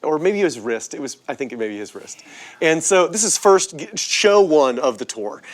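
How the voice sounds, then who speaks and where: A young man casually telling a road story as a podcast guest, animated and acting out quoted voices. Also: a little high, normal speed. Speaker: podcast guest, touring musician.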